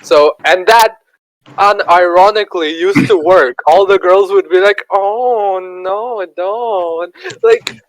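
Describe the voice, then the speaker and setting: Podcast guy with a high lively voice, slow talker, jokes around and laughs a lot. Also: no room sound, low-quality recording. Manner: laughs a lot, jokey and crude. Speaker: podcast host. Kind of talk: casual chat.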